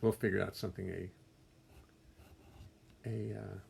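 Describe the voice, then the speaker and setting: A man's voice: fairly low pitch, little pitch movement, unhurried, creaky, a little hiss or hum. An older man hosting a casual livestream from his music studio, reading out viewers' names and greeting them with wry jokes. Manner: chatty, warm greetings, wry self-deprecating jokes.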